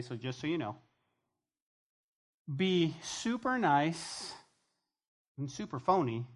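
A pastor preaching a sermon to a church congregation, emphatic, dropping from loud to hushed and acting out quoted voices. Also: mid-range voice.

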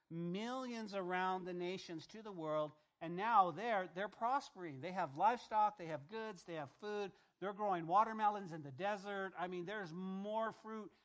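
A man preaching a Bible-teaching sermon, speaking emphatically, repeating phrases and firing rhetorical questions straight at his congregation. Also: high voice. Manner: talks directly to the congregation. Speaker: pastor.

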